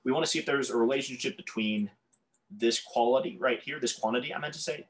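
A man with a mid-range voice talks quickly through a calculus lesson at the whiteboard. He's tongue-tied, often stumbling and correcting himself, with apologetic asides as he draws.

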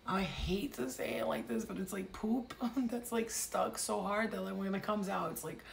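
Chatty woman with a gravelly voice. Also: mid-range voice, moderate pace, a little hiss or hum. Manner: rambling, chatty, laughs often, blunt crude jokes. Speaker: psychic tarot reader. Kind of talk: casual intuitive reading.

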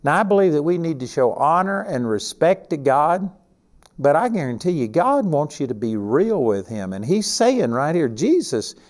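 In a somewhat high, slightly mellow voice, an older Bible teacher from Texas preaches with a Texan accent. He keeps things folksy and conversational, stressing certain words with emphasis.

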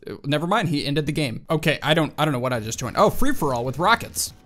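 A man giving casual let's-play commentary on a shooter game, excitable and prone to sudden yelps and exclamations. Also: a little high, fast talker. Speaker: gaming YouTuber. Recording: loud game gunfire behind voice. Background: video game gunshots and effects.

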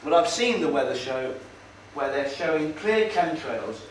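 An expressive, somewhat high male voice goes a little slowly as he gives a casual, sardonic talk in a meeting hall, hesitating and using fillers. It sounds roomy and distant, with a faint noise floor.

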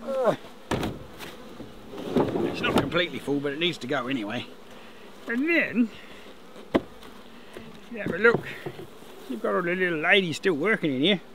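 A man's voice: sits high, very animated, unhurried, pauses often. A middle-aged Australian man chatting casually with chuckling asides while working his beehives outdoors. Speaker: beekeeper vlogger. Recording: outdoor camera mic, noticeable ambient noise. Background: buzzing bees and insects.

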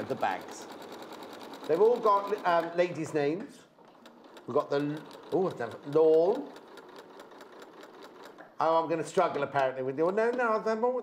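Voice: medium pitch, expressive, normal speed, pauses often, a little hiss or hum. Studio presenter, chatty and jokey, loose and rambling. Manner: bubbly, rambling, jokey asides. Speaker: TV shopping presenter.

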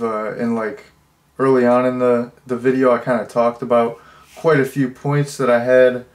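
A man casually reviewing a horror movie, rambling with lots of fillers and restarts, getting loud and incredulous when something amuses him. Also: mid-range voice.

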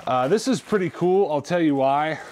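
A man's voice: a little high, moderate pace, slight background noise. Chatty man showing off thrift finds. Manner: chatty, animated, jokey. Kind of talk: casual chat.

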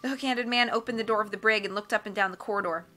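A woman narrating an audiobook in an expressive, measured way. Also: medium pitch. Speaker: audiobook reader.

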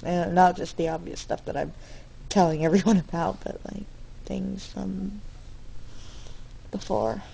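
Young woman, dorm-room video diary: slow, rambling and candid, dark gravelly tone. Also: fairly low pitch, low-quality recording. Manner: rambling and candid, with frequent fillers and self-corrections. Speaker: vlogger.

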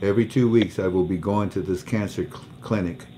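A livestream host being treated for cancer shares an emotional personal story, repeating words as he goes. He talks a little fast in a low, slightly mellow voice, and some faint background noise can be heard during the casual chat.

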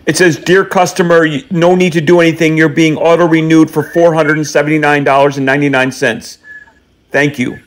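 A man placing a prank call in a slightly raised voice, reeling off absurd lists with a straight face. His delivery is deadpan and rambling, quietly playful. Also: a little high, brisk. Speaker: prank caller.

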